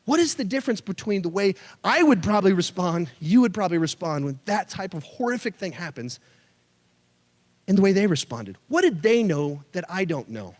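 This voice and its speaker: Man, 30s, youth pastor, sermon, animated storytelling, jokey asides, long hall echo. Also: sits high, fairly quick. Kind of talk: sermon to a student audience. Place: church hall.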